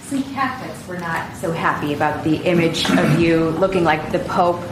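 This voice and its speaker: A woman reporter asking a formal question in a measured way. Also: low-pitched, fairly even intonation. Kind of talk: press question. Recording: echoey press room with noise.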